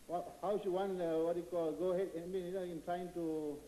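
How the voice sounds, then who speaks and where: A man in the audience hesitantly asks the lecturer a question, halting often and restarting. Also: high voice, level tone, mellow, a little hiss or hum. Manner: halting, many fillers and restarts. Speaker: audience member asking a question. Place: large auditorium. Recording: echoey hall.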